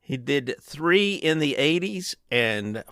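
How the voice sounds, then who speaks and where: A man co-hosting a podcast, chatting casually and cracking jokes between quick laughs. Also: fairly high pitch, sing-song, pushed and bright, no room sound, studio quality. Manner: jokey, quick to laugh, wisecracking. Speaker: podcast co-host.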